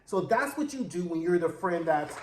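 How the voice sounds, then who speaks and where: A man hosting a casual TV episode recap, slangy and animated, acting out the characters' lines as he retells the plot. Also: on the high side, moderate pace, slight background noise. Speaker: TV recap host. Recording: roomy echo.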